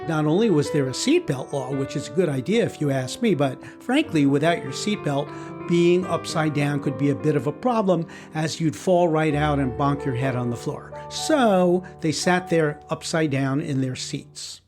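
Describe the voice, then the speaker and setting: A man reads a family storybook aloud, adding playful, wry asides. His pitch moves around a lot as he tells it. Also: animated, normal speed, soft background music. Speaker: narrator. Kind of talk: scripted narration for a family audiobook.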